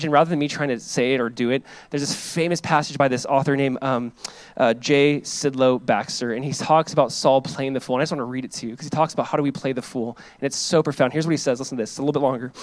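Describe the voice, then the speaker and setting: A male pastor preaching a sermon, reading scripture aloud loudly and then explaining it in casual talk, acting out the biblical figures in quick, lively voices. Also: medium pitch, no echo, low-quality recording.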